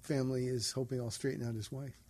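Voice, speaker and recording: A man, a pastor, hosting a radio call-in show and answering listeners' questions in a gentle, pastoral way. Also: medium pitch, steady tone, quick pace. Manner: gentle, pastoral, takes calls.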